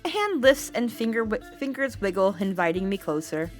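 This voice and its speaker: A woman streamer reading a visual novel aloud in first person, with expressive, playful narration. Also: medium pitch, normal speed, faint music behind.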